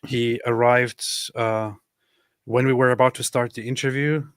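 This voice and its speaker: A man's voice: mid-range voice, steady tone, measured pace, clean tone, dry recording. A man co-hosting a livestream, chatting loosely with viewers and stumbling through fillers and restarts. The sound is dry and close. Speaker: livestream co-host reading super chats. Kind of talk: casual livestream chat.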